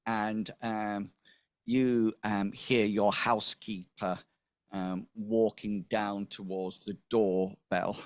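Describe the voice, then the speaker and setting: A man's voice: lowish voice, flat delivery, takes it slowly, clean tone, dry recording. A man narrating as game master for a tabletop game, rambling with many fillers.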